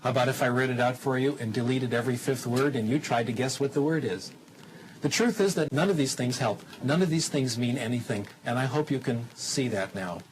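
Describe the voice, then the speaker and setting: A lecturer on language acquisition speaks to a television audience in a steady, mid-range voice. His teaching is animated and demonstrative, full of rhetorical questions, and he drops into slow, simple German to illustrate his points. The audio is poor, with a faint hum in the background.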